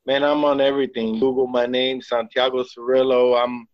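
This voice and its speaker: A man talks loosely as a guest on a podcast, rambling through his thoughts with lots of "you know" and "man." His voice sits at an ordinary pitch. The recording is dull and lo-fi, in a dry space. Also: flat delivery, moderate pace, no echo. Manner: rambling, laid-back, full of fillers and "man". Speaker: podcast guest, actor and author. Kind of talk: casual interview chat.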